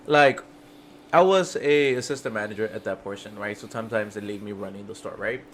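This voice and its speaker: A man's voice: on the low side, fairly quick. A man on a podcast as a guest, telling a casual, profane work story that keeps breaking into laughter. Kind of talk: casual chat.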